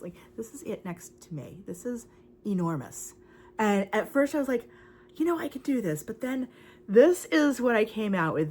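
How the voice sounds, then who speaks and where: A young woman, chatting casually and excitedly about her crochet project for her vlog, with lots of fillers. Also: lowish voice, a little hiss or hum. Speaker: crochet vlogger.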